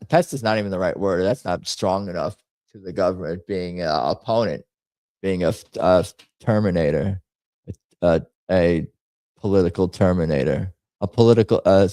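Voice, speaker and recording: A man hosting a livestream, chatting casually and thinking out loud as he reacts to memes and viewer comments with jokey asides. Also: low-pitched, no echo. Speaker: livestream host.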